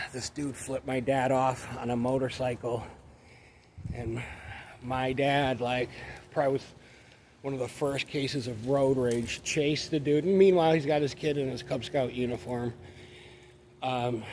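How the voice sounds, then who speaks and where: A man's voice: medium pitch, darkish tone. Profane, rambling man. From Western New York. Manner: profane, meandering, laid-back. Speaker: vlogger. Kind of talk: rambling personal storytelling. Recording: traffic noise behind.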